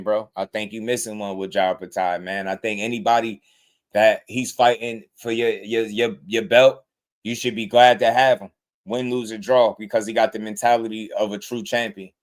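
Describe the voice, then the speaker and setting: A man hosting a live boxing talk stream, ranting in a rambling, heated way with many repeated words. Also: on the low side. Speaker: boxing talk show host. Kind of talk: casual livestream commentary.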